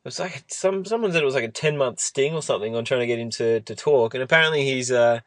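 An Australian man talking as a podcast host in a mid-pitched, everyday voice. He rambles easily and breaks into laughter often. The sound is close and dry, with no room around it. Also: quick pace, a bit bright, dry recording. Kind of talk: casual sports chat.

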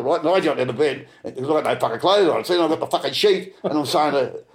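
A man's voice: mid-range voice, fast talker, vocal fry, hardly any pauses. An older Australian man telling a story in a coarse, rambling way, swearing constantly and repeating himself. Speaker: interviewee.

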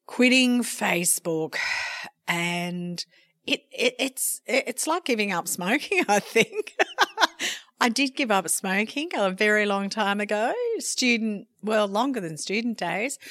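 Slow-talking woman co-host, dry sound. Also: mid-range voice, a bit bright, no room sound. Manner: unhurried, laughs easily. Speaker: podcast co-host. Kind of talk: casual co-host chat.

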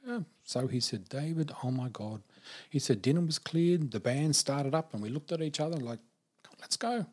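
An older man telling a personal story, lively and acting out the voices of the people in it. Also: mid-range voice, moderate pace. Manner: animated, acts out quoted voices.

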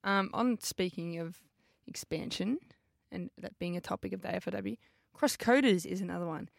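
A woman's voice: fairly low pitch, gravelly, no echo. Chatty Australian woman, dry close sound. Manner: chatty, frequent fillers and quick laughs. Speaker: footballer and podcast co-host. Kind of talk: casual podcast chat.

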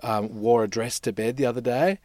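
A man's voice: mid-range voice, fairly even intonation, a little fast, darkish tone, no room sound, studio quality. A man on a podcast panel, telling stories about his sons in a reflective, rambling way. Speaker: podcast guest, voice-over artist. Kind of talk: casual panel chat.

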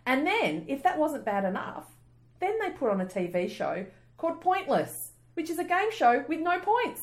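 A woman chatting casually as a podcast co-host. Her pitch leaps around with lively animation, and she laughs often and plays things up for comic effect. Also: normal speed. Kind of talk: casual chat.

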